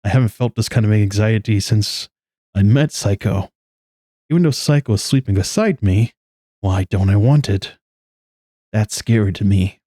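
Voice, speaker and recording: A man's voice: lowish voice, moderate pace, dark tone, no room sound, clean studio sound, close to an everyday voice. A man reading aloud the earnest, trembling inner monologue of an anxious, lovesick young male student from a game.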